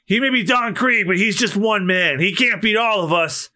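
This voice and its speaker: A man voicing a loud, brawny cook who shouts and blusters while defending his restaurant. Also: high-pitched, moderate pace, pitched above the performer's own voice. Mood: defiant.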